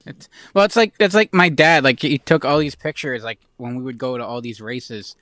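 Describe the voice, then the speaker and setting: A man co-hosting a podcast in casual chat, mostly giving short replies and a quick anecdote. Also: medium pitch, fairly bright tone, dry recording, clean studio sound. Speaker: podcast co-host.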